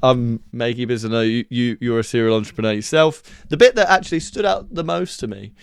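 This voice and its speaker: A man's voice: mid-range voice, a little fast, gravelly, clear, resonant tone, dry recording, studio quality. A man hosting a podcast, chatty and jokey with his guest. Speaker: podcast host. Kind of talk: casual interview chat.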